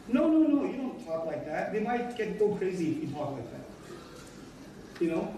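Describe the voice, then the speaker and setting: A man's voice: high voice, very animated, unhurried, mellow. A man giving a religious lecture, speaking emphatically, repeating his key points and acting out everyday dialogues. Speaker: Islamic teacher. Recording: echoey room, distant mic, faint noise.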